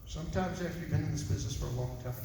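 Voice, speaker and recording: Folksy investigator, echoing hall. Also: male voice, on the high side, racing. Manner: folksy storytelling, acts out phone calls. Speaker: private investigator. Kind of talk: press conference talk. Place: large echoey hall. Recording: echoey hall from far off with noise.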